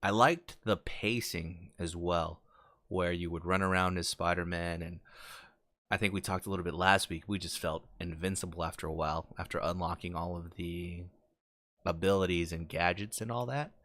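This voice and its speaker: Man, very deep voice, dry close mic, casual podcast chat, acts out quotes. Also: normal speed, dry recording. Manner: animated storytelling, acts out quotes with big jumps in pitch. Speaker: podcast co-host.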